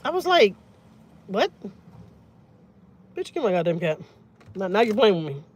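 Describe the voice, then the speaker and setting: A blunt, foul-mouthed woman in her thirties, telling a story on a casual livestream with animated, swearing energy. She sits in a truck with the windows down, and faint road and vehicle sound runs behind her middle-pitched voice. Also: fast talker, a little hiss or hum. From Houston, Texas. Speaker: family vlogger. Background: vehicle and outdoor ambience.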